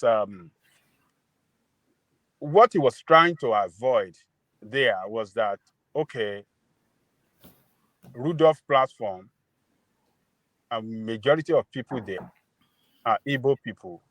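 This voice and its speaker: A man's voice: medium pitch, fairly bright tone, dry recording, poor audio. A man calling in to a casual chat, speaking hesitantly with many filler sounds.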